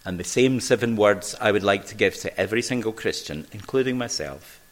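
A man preaching a sermon at a church service, earnest and measured, reading scripture aloud. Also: lowish voice, lively intonation.

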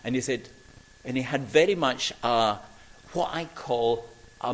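An older Scottish man preaches a sermon, telling stories with emphatic pauses and doing voices for the people he quotes. His pitch is medium, and the audio quality is poor.

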